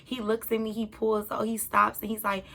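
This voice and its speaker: Lively woman telling a storytime. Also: fairly high pitch, normal speed, gravelly. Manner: animated, talks straight to viewers. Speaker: YouTuber. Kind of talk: storytime vlog.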